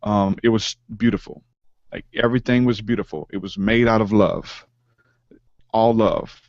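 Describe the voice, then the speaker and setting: A man telling a personal spiritual story in an interview, earnest and halting, with many fillers and restarts. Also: lowish voice, fairly even intonation, a little mellow, no echo, dull audio. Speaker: podcast guest, rapper.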